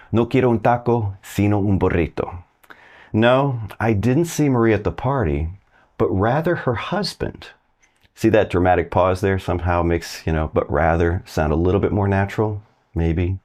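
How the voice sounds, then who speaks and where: Low-voiced casual male language teacher. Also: a little mellow. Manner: friendly, chatty, asks viewers to try translating. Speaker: Spanish teacher. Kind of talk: casual online language lesson.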